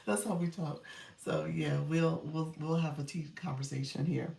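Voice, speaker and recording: A woman's voice: low-pitched, fairly even intonation, normal speed, vocal fry, darkish tone, reverberant, far from the mic. A woman coaching on a livestream in casual chat, reading comments, laughing often and thanking viewers by name.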